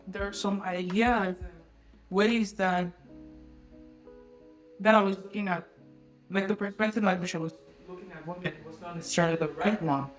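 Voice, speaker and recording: A woman's voice: medium pitch, poor audio. Young woman telling a story with laughter. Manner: laughs often while telling stories, many fillers. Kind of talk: casual storytelling.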